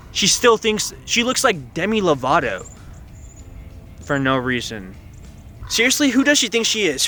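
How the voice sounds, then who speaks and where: A young man playing through a story game outdoors, reading the dialogue aloud in silly voices and joking between lines. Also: bright, forceful tone. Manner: playful, voices characters in high falsetto, rambling asides. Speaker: gaming YouTuber. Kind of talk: voicing game dialogue with commentary.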